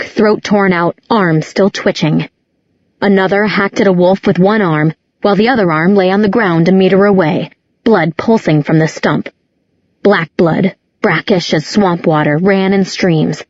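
A woman reading a dark fantasy novel aloud as scripted storybook narration, in a measured, dramatic way. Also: fairly low pitch, dry recording. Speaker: audiobook narrator. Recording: dull lo-fi audiobook recording.

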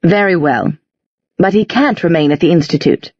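A woman's voice: fairly low pitch, expressive, moderate pace, darkish tone, slightly rough, no room sound, muffled recording. A woman reading aloud and voicing a cold, sarcastic female Inquisitor with a cutting, clipped manner.

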